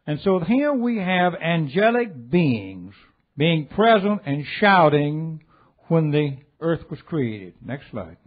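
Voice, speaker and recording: Older guy preaching, kinda high voice, gets loud then drops low, sounds like a phone line. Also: slow. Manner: animated, swings between loud exhortation and low asides. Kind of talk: sermon. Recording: tinny phone-like audio.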